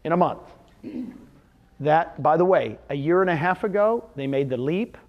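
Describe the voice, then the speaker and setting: An energetic middle-aged man giving a motivational business talk, firing questions at the audience and answering them himself. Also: fairly high pitch, normal speed, dull audio. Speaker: real estate brokerage executive speaking at a company event.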